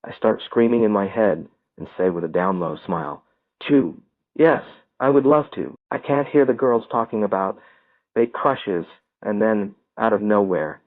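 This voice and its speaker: A man reading a first-person story aloud as an audiobook narrator, telling it in a steady storytelling manner. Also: lowish voice, no echo. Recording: tinny phone-like dry sound.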